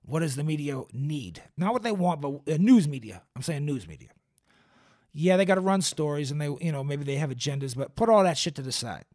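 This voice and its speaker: A man talks through a casual solo podcast in a slightly higher-than-usual voice. He rambles and swears freely, padding his thoughts with fillers and restarts. He sounds like he is seated at a desk mic. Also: animated, brisk, a little mellow. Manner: loose, profane, rambling with frequent fillers. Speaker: podcast host. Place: indoors, seated in a squeaky chair. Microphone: camera and studio mic.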